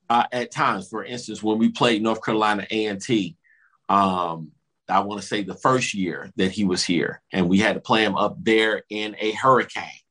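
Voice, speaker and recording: Man, low voice, animated storyteller, sports talk co-host. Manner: animated storytelling, acts out coaches' quotes.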